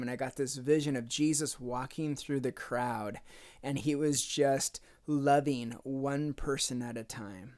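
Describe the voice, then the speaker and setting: A man's voice: medium pitch, fairly even intonation, unhurried, a little mellow. Man telling a faith story casually. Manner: conversational, acts out quoted dialogue with "I'm like". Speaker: speaker sharing a faith testimony.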